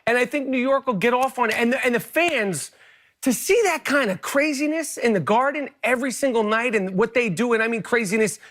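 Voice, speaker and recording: A woman with a slightly higher voice speaks on a studio sports debate panel. She talks bluntly and informally and cuts in with short, pointed remarks. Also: fairly bright tone. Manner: blunt, informal, quick interjections.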